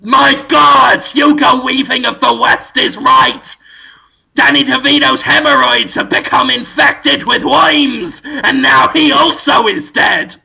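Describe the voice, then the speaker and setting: A man voicing a pompous male celebrity cast as a movie wizard, making loud, theatrical proclamations. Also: extremely high pitch, steady tone, slow pace, creaky, slightly rough, pitched above the performer's own voice, full character voice. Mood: shouting.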